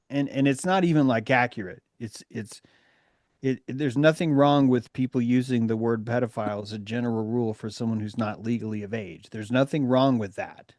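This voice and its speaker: A man's voice: medium pitch, normal speed, darkish tone, dry recording, studio quality. A man in a casual group discussion, ranting in an exasperated and profane way.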